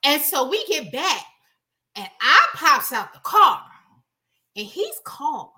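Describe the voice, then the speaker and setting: Casting: bright, animated New York woman guest, acts out quotes. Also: sits high, takes it slowly. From Brooklyn, New York. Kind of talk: casual chat.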